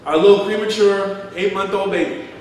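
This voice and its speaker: Middle-aged pastor preaching in an echoey hall. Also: male voice, sits high, steady tone, normal speed, recorded from a distance. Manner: storytelling, acting out quotes, chuckling. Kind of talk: sermon. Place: large church hall.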